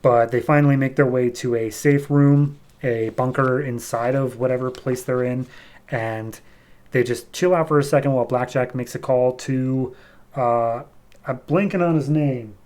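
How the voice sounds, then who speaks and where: A man hosting a podcast, casually recapping a comic issue with lots of "like" and "um", and putting on higher voices for the characters he quotes. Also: moderate pace, darkish tone. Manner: chatty, loose with lots of "like" and "um", voices quoted characters with raised pitch. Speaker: podcast host.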